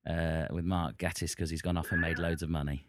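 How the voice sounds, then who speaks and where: A man's voice: sits low, flat delivery, brisk, no room sound, clean studio sound. A man hosting a podcast in casual chat, rambling with frequent restarts. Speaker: podcast host.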